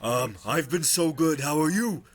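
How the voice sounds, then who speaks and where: A man voicing a friendly male orc trader who talks eagerly and a bit haltingly. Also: a little high, lively intonation, voice pushed up, close to an everyday voice.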